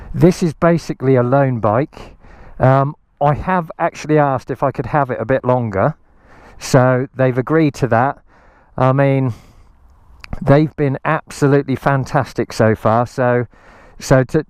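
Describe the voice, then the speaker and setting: A man's voice: mid-range voice, darkish tone, smooth, dry recording. A man giving a casual, enthusiastic motorbike review outdoors on a hilltop, rambling with many ums. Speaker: motorcycle vlogger.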